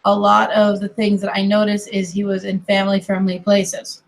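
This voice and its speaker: A woman's voice: medium pitch, monotone, moderate pace, gravelly. A young woman from the western US with a mixed accent touched by Kentucky Southern, chatting in a rambling, playful way while she draws. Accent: mixed American with light Kentucky Southern touches. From Colorado and California, US. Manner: chatty and digressive, with laughs and playful asides. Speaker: streamer drawing while chatting. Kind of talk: casual rambling chat while drawing.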